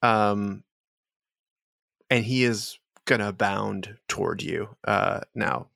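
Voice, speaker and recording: A man running a tabletop game as game master, relaxed and hesitant, with many fillers. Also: fairly low pitch, slow pace, gravelly, no echo, studio quality.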